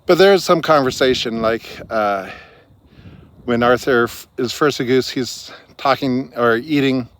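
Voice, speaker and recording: At a measured pace, a man with a mid-range, slightly bright voice walks through a book summary as a reviewer. He speaks loosely and conversationally, often using fillers and starting sentences over.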